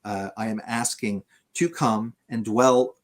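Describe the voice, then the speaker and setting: A man in a conversational debate on theology, speaking haltingly with frequent fillers and restarts. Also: lowish voice, fairly even intonation.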